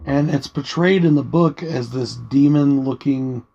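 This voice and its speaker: A man with a gravelly, husky, mellow voice talks softly through a casual review, rambling easily from point to point. The sound is dull and lo-fi. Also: mid-range voice, a little slow. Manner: soft-spoken and quiet, rambling musings. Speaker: movie reviewer. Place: home at night, dim room.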